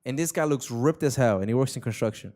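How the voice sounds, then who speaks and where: A man's voice: medium pitch, fast, warm tone. A young man hosting a casual podcast chat, rambling and slangy, often repeating himself. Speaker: podcast host.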